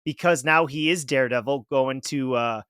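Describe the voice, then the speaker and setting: A man's voice: mid-range voice, normal speed, fairly bright tone, smooth, no echo, studio quality. A man hosting a podcast, talking casually and rambling as he searches for words. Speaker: podcast host.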